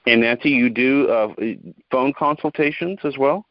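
A man's voice: mid-range voice, normal speed, dry recording, dull audio. A man hosting a podcast interview, thanking his guest and asking follow-up questions with encouraging words. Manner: warm, encouraging interviewer with brief backchannels. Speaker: podcast host. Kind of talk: interview conversation.

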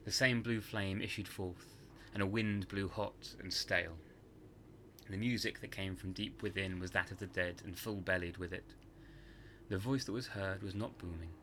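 A man narrating a scripted horror story for a podcast in a measured, hushed dramatic manner. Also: low-pitched, steady tone, a little hiss or hum.

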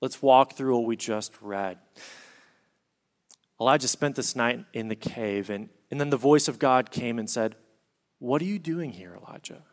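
An earnest man gives a sermon at an ordinary middle pitch. He explains the text and reads scripture passages aloud. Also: a little slow. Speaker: pastor.

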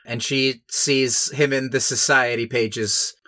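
A man's voice: mid-range voice, level tone, slow, sharp tone, no room sound, clean studio sound. A man co-hosting a podcast, recapping a film in casual chat with sarcastic, mocking asides. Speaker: podcast co-host.

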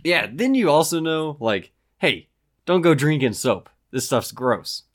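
A young man in casual chat, talking in a relaxed way and often pausing with "um" as he recounts stories. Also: fairly high pitch. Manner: relaxed, many "um" pauses while recounting.

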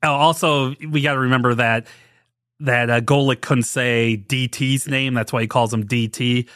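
A man's voice: medium pitch, fairly even intonation, normal speed, a bit bright, dry recording. Casual male co-host, giggly storyteller, dry close mic. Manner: laughs often, recounts scenes. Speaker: podcast co-host. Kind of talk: casual chat.

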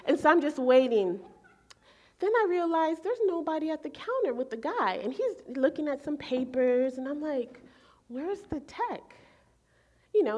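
A woman in her forties preaching, telling a personal story in an animated way and acting out her own thoughts. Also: high-pitched. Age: 40s. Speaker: pastor. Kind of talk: sermon storytelling.

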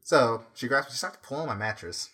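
A young man co-hosting a casual chat, telling an animated story and mimicking his family members. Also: mid-range voice, normal speed, husky.

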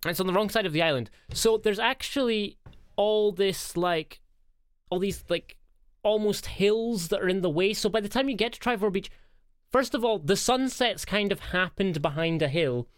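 A man's voice: high voice, normal speed, clear, resonant tone, no room sound, clean studio sound. A Scottish man co-hosting a podcast, telling a story in casual chat and laughing often. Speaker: podcast co-host.

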